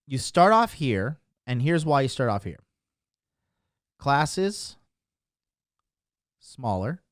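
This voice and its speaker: A man's voice: medium pitch, big pitch swings, slow pace, dry recording, clean studio sound. A man coaching on dating, ranting on a livestream to his chat in a brash, boastful and mocking way, punctuating points with "okay?". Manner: emphatic, keeps asking "okay?".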